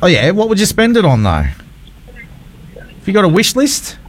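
A man's voice: high-pitched, huge pitch swings, normal speed, a little hiss or hum. Upbeat Australian radio host man. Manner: chummy and upbeat, calls people mate. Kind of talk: breakfast radio phone-in and sports talk.

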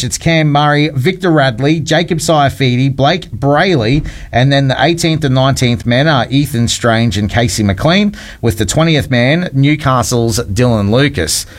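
An Australian man hosting breakfast radio, taking phone calls and talking sport in a chummy, upbeat way, calling people mate. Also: mid-range voice. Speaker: radio host.

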